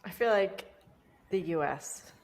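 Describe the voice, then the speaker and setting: A woman's voice: on the low side, lively intonation, takes it slowly, a crowd in the background. A woman with kids, co-hosting a family podcast, chatting casually with joking banter. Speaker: co-host. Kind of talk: casual chat.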